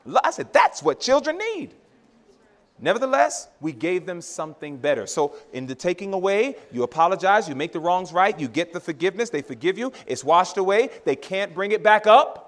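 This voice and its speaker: A man's voice: high-pitched, normal speed. A male preacher giving a sermon to a congregation, acting out family dialogue and calling his listeners brothers and sisters. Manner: animated, laughing, acts out dialogue with his children; addresses audience as brothers and sisters.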